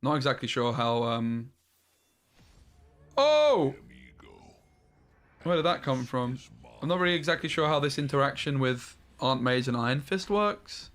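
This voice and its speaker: A man's voice: mid-range voice, brisk, fairly bright tone. A man streaming a card game, thinking aloud in a frustrated way and swearing often. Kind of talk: live-streamed gameplay commentary.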